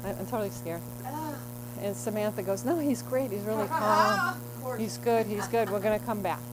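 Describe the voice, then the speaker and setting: Lively rambling woman comic. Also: mid-range voice, normal speed, poor audio. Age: middle-aged. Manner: chatty, rambling storytelling with frequent restarts. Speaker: open mic comedian. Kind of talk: stand-up comedy set.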